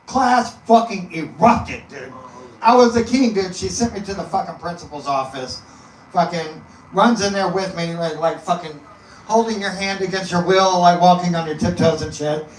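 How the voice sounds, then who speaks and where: A man from East Texas, a comedy guest, tells a loose, swearing story with a fairly high voice. He chuckles at his own punchlines. The sound is roomy and picked up from a distance, with faint hiss behind. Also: moderate pace. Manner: loose and rambling, laughs through punchlines. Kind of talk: profane comic storytelling. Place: live comedy venue. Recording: echoey room, mic at a distance, faint noise.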